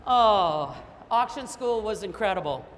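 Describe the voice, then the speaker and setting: A woman from Canada giving a high-energy motivational keynote, telling stories with lots of emphasis. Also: lively intonation, a little slow. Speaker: keynote speaker. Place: large conference hall. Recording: echoey hall with faint noise.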